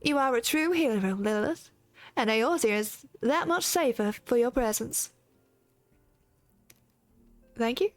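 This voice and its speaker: A woman's voice: fairly high pitch, expressive, unhurried, long pauses, dry recording, soft background music. A woman voicing a grave, stately woman leader in a put-on Southern drawl, reading game dialogue aloud. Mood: earnest. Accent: put-on American Southern. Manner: earnest, stately speech.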